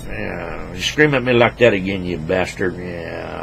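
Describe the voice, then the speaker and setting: A man ranting crudely into a computer microphone at his home desk, rambling and swinging between loud outbursts and low mutters. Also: moderate pace, creaky, few pauses, a little hiss or hum, low-quality recording. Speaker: vlogger. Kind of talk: rambling profane rant to camera.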